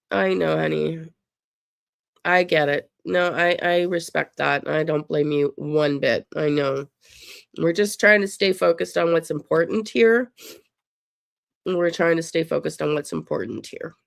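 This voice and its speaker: A woman's voice: deep voice, measured pace, gravelly, long pauses, dry recording, clean studio sound. A woman hosting a casual live stream, chatty and sympathetic as she answers viewer chat aloud. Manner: emotional, sympathetic. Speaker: livestream host.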